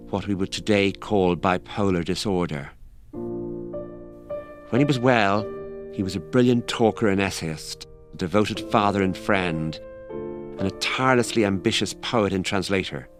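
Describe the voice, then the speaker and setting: Male narrator, lower register, scripted and measured, faint music under. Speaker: documentary narrator.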